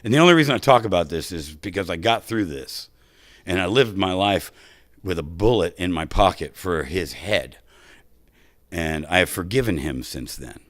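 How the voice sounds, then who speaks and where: A middle-aged man telling his life story to a recovery meeting, animated and drawing the listeners in with quick "right?" asides. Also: sits low, no room sound. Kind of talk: personal recovery story to an audience.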